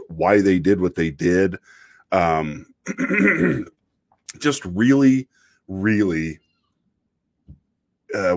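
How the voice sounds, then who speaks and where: Rambling low-voiced man from Idaho. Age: adult, married. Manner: rambling, self-interrupting, joking. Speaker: show host reading chat. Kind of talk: casual chat.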